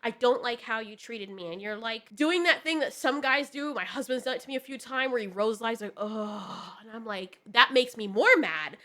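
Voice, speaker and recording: Young woman, casual co-host, animated and blunt, bright voice pitched a little high. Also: a little fast, few pauses. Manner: animated, swings between loud and hushed, swears freely. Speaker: podcast co-host. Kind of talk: casual advice chat.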